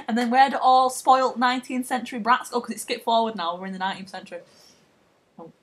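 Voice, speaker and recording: Husky young woman, rambling. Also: on the high side, steady tone, brisk. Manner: rambling, sweary, giggly storytelling. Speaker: film student retelling a plot. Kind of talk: casual comedic chat.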